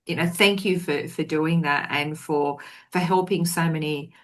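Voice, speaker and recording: A woman's voice: deep voice, steady tone, unhurried. A woman co-hosting an interview, chatty and complimentary in her manner. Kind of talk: interview conversation.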